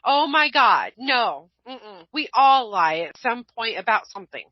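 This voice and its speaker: Blunt, animated woman radio host. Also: fairly high pitch, measured pace, dry recording. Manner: blunt and animated, swears freely. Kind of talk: casual chat. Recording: dull lo-fi online radio, dry.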